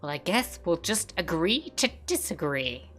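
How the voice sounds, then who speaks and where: A woman's voice: on the low side, very animated, unhurried, faint music behind. A woman voicing a small, fussy creature that guards its shells, speaking in dramatic, defensive outbursts while reading a game's lines. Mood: smug. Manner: dramatic, defensive, bursts of loud alarm.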